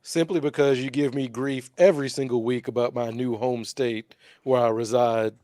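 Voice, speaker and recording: A man's voice: mid-range voice, fairly even intonation, moderate pace, mellow, no room sound, studio quality. A man on a sports panel, trading teasing, laughing banter in casual chat.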